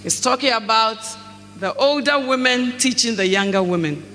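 A preacher giving a sermon, reading scripture slowly and telling stories with acted dialogue. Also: male voice, extremely high pitch, music in the background. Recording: echoey hall, faint mains hum.

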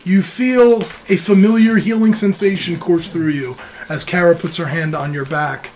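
A man running a tabletop game as dungeon master, narrating in a relaxed, conversational way with restarts. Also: high voice, moderate pace.

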